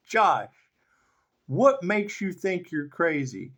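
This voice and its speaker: A tarot reader delivers a rambling spiritual monologue, swearing constantly and laughing often. His volume swings between loud outbursts and low mutters.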